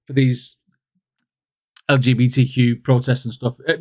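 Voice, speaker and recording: A man's voice: medium pitch, level tone, a little slow, a little mellow, a little hiss or hum. A man hosting a music reaction video, chatting casually and rambling, with lots of fillers.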